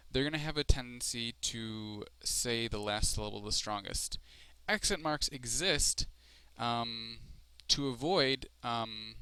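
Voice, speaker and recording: A man with a bright, forceful, clean mid-range voice records a screencast lesson as a Spanish teacher, with no echo. He explains things step by step, slowly and deliberately, with plenty of ums and other fillers.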